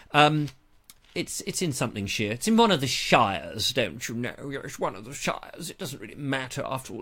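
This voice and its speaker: Live-stream host, man from England, middle-aged, slightly higher voice, rambling jokey delivery. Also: a bit bright. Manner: rambling, jokey, self-mocking, slips into silly voices. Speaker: host of a live online show. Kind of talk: casual live-stream chat.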